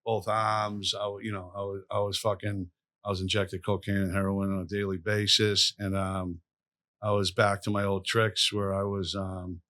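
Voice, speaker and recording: A man's voice: fairly low pitch, flat delivery, moderate pace, pushed and bright, no room sound. A middle-aged man, a podcast guest telling stories in a blunt, profane, rambling way. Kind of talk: casual storytelling conversation.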